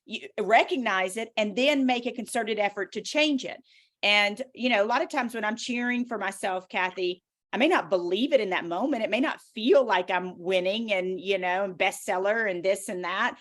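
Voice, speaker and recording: A woman with a Southern US accent shares personal stories as an interview guest, her voice sitting at an ordinary middle pitch. She talks in an animated, motivational way and leans into each point. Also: moderate pace. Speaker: author guest. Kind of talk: casual interview talk.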